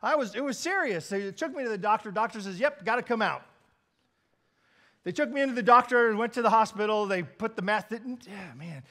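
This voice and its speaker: A man preaching a sermon as pastor, telling stories animatedly and swinging between loud and quiet. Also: high voice, animated, fast, few pauses.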